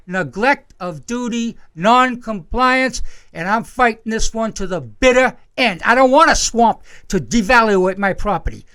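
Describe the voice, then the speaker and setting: A man's voice: high-pitched, a bit bright. A man speaking as a resident at a town meeting, heated and insistent, repeating himself as he argues his complaint. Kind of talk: angry public comment.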